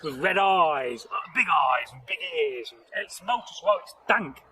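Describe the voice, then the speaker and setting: A man's voice: fairly high pitch, expressive, a little slow, pushed and bright, slight background noise, poor audio. A man, telling a folktale outdoors in a rambling, chatty way, laughing and joking with a companion. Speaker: folktale storyteller and channel host. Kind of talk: casual spoken storytelling. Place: outdoors in nature.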